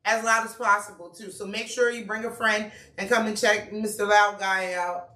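A talkative woman chef runs through promos in an easy, slangy way, often laughing. Her voice is bright and sharp. It comes from some distance off in a roomy, echoing space. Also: medium pitch, normal speed. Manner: chatty, laughing, relaxed slang. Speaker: chef and restaurant owner. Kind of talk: casual promo chat. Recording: echoey room, mic far off.

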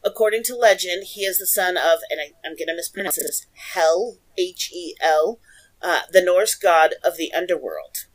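A woman's voice: on the low side, normal speed, low-quality recording. A young woman co-hosting a casual podcast, reading folklore research aloud with playful, giggly asides. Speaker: podcast co-host.

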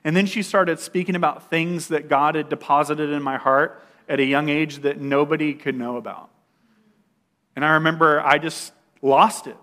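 A young man sharing a personal testimony in a casual storytelling style, full of "like" fillers and animated retelling. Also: fairly high pitch, normal speed.

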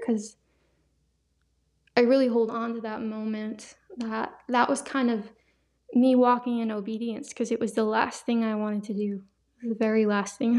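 A young woman hosting a podcast, sharing a personal faith testimony in a soft, halting, emotional way with many pauses. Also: a little high. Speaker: podcast host. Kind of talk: personal testimony, casual talk.

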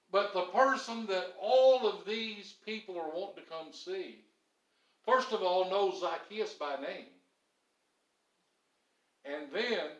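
A man preaching a sermon in an animated way, acting out the grumbling crowd now and then. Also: high voice, echoey room, rough recording. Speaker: pastor.

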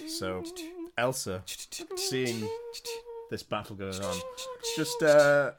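A man co-hosting a comedy podcast, giving mock-serious, deadpan setups. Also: mid-range voice, slow, over a noisy crowd. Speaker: podcast co-host. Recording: noisy background.

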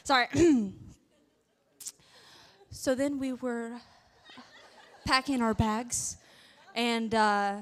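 A woman's voice: mid-range voice, clear, resonant tone. A woman with a Southern accent telling a faith testimony in a chatty way, full of fillers and restarts. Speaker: ministry worker sharing testimony.

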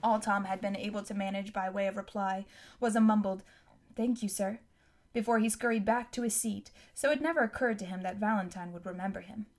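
A woman reading a novel aloud as narrator, in a steady, even storytelling manner. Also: mid-range voice, fast. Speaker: audiobook narrator. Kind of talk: scripted narration.

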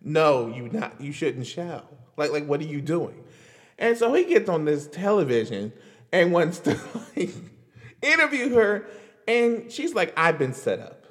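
A man hosts his own commentary show in a casual, animated way, often laughing and repeating a line again and again to drive it home. His voice sits fairly high and swings widely in pitch. The room leaves a long reverberant tail on every word. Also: a little slow. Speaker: host.

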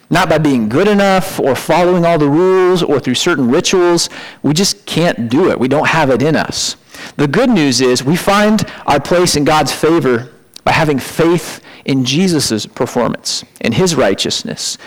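A man preaching a conversational sermon, animated, with sudden high-pitched emphatic asides. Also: rough recording. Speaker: pastor.

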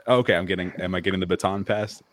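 A man's voice: deep voice, fairly even intonation, quick pace, noisy background. A man co-hosting a casual online chat show, teasing the others and moving the talk along, over a video call from indoors. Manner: joking, teasing. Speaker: co-host. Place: indoors in front of a green screen.

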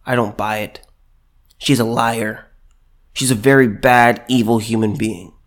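A man's voice: mid-range voice, steady tone, a little slow. A man giving opinionated video commentary and reading news aloud, emphatic and repeating himself, with many restarts.

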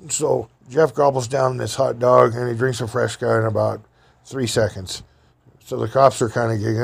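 A man's voice: medium pitch, little pitch movement, moderate pace, vocal fry, slightly rough. A man telling rambling, folksy stories from his past in casual, loose grammar. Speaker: storyteller. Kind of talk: rambling personal storytelling.

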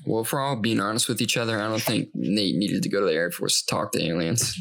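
A young man with a low, gravelly voice trades jokes in loose podcast chat. He tells his stories slowly, in a relaxed, easy way. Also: slight background noise. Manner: laid-back storytelling, gravelly. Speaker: podcast co-host. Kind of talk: casual joking chat.

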